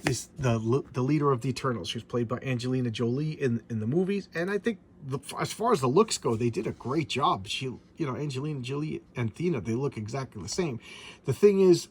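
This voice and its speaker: A man's voice: mid-range voice, animated, brisk, a little mellow, slight background noise. A middle-aged man chatting casually as a comic collector, rambling and often stammering and repeating words. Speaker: comic book collector vlogger. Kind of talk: casual chat.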